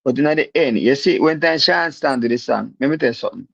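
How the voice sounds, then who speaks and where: Gravelly Jamaican man, lo-fi. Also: medium pitch, fast, dry recording. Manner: insistent, repeats words to hold the floor. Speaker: panelist. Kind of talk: casual debate. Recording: dull dry lo-fi audio.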